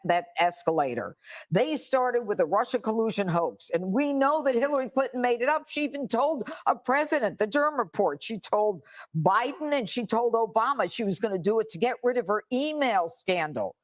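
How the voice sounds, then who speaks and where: A woman's voice: on the high side, expressive, moderate pace. An older woman, a former judge, giving indignant and emphatic political commentary.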